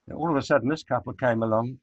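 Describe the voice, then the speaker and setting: An older man from South Africa, a guest chatting casually in an interview, unhurried and reminiscing, with frequent hesitant fillers. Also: medium pitch, no echo. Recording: dull lo-fi recording.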